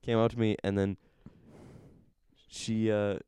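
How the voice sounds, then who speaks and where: Young male co-host, low smooth voice, rambling self-amused storyteller. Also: little pitch movement, takes it slowly, mellow, no room sound, studio quality. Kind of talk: casual chat.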